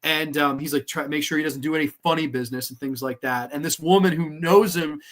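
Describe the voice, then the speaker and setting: A man's voice: a little high, fairly quick, fairly bright tone. A man hosting a podcast, giving a casual, rambling solo film review full of fillers, restarts and swearing. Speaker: podcast host reviewing films.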